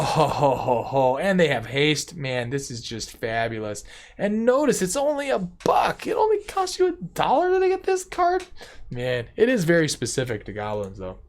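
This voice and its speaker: A man giving casual card-by-card commentary on a card game deck, excitable and gushing with exclamations. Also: fairly high pitch.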